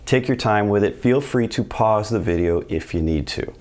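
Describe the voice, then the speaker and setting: A man teaching a video language lesson in a relaxed, upbeat way, explaining each step plainly. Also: lowish voice, moderate pace. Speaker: Spanish teacher.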